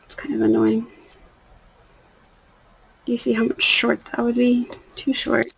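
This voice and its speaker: A young woman talks casually while painting her nails, her voice husky and a little gravelly. She sits somewhat high for a woman and rambles, often dropping to a near-whisper at the ends of thoughts. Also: completely flat delivery, a little slow, low-quality recording. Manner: rambling, soft-spoken, drifting into near-whispers. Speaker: nail art vlogger. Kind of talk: casual chat.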